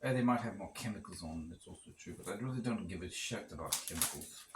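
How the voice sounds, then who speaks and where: Talking fast in a deep voice, this man cooks in a rental kitchen with a gas stove and rambles casually, throwing in wry asides for his cooking vlog. The recording is roomy and noisy from a distant mic, with a pot boiling in the background.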